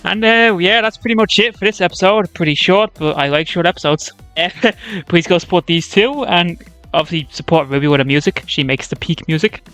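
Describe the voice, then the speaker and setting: Bright, clear-voiced young host. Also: male voice, high-pitched, fairly quick, dry recording, faint music behind. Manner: joking, teasing. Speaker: interview host. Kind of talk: casual online chat.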